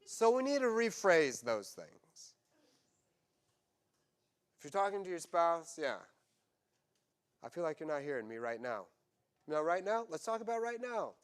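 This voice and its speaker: A man pastor preaching a sermon, animated and conversational, acting out quoted voices with humor. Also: high-pitched, clean tone.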